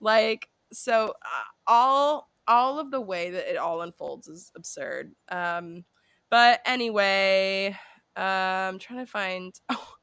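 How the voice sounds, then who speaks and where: A woman co-hosting a podcast in casual chat, animated and sweary, often mimicking people. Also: medium pitch, slow pace, clear, resonant tone, dry recording, clean studio sound. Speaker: podcast co-host.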